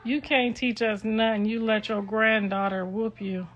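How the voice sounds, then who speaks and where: A woman's voice: on the high side, flat delivery, measured pace, fairly bright tone, dull audio. An older woman ranting to her viewers in a brash, profane, casual way. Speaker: online commentator.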